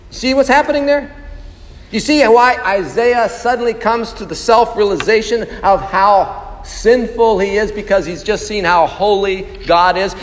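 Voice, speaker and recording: High-voiced preacher in a big reverberant hall. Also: male voice. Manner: emphatic, asks the congregation rhetorical questions. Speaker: pastor. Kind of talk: sermon. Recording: long reverb of a large hall.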